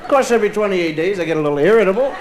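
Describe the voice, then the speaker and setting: A man's voice: sits high, racing, a loud crowd. A man telling a long comic story on stage, acting out the other voices in the tale. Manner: animated storyteller, acting out both sides of dialogue. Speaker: stand-up comedian. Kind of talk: stand-up storytelling to a live audience. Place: live stage with audience laughter. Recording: vintage vinyl live recording with faint hiss.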